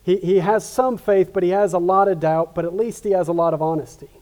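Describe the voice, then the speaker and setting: A man's voice: sits high, steady tone, fairly quick, darkish tone. A man preaching a sermon as a pastor, earnest, often restarting and repeating words. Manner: earnest, with frequent restarts and repetitions.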